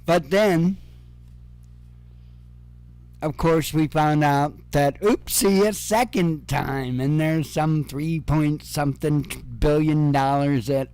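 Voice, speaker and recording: A male commentator talks slowly and deliberately, his sarcasm sharpened by swearing and chuckling asides. His voice sits a bit high for a man, and the recording is dry and close. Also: darkish tone, clean tone, no room sound. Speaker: news commentary host. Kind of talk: casual news commentary.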